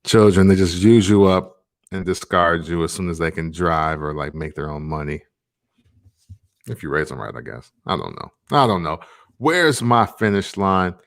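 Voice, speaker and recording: A man's voice: deep voice, expressive, normal speed. A man in his thirties hosting a casual vlog, talking in a laid-back, rambling way with lots of fillers. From Tennessee, USA. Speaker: vlog host.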